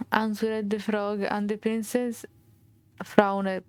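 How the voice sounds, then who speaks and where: A woman with an Italian accent reading a game's fairy tale aloud as a streamer, halting and restarting, with Italian asides. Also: mid-range voice, fairly even intonation, no echo. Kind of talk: reading game text aloud.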